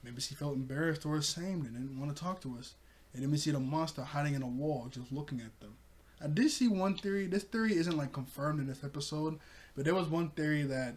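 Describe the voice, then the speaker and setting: Young man, slightly high voice, casual cartoon review, chatty, laughs a lot. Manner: chatty, retells scenes acting out quoted lines, laughs often. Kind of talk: casual recap and commentary.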